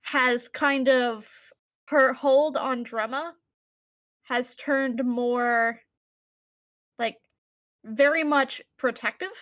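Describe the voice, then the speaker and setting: A woman playing in a tabletop role-playing game, quickly explaining her character's actions. Her voice is high and recorded dry and close. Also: steady tone, a bit bright, no echo. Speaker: player.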